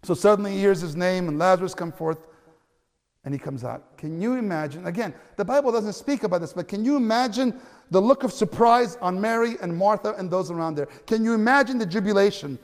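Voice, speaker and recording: A man with a high, bright voice preaching a sermon. He tells the story with animated energy, pushing to loud cries at the peaks and tripping over restarts now and then. A long hall reverb trails his words. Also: a little fast. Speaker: pastor.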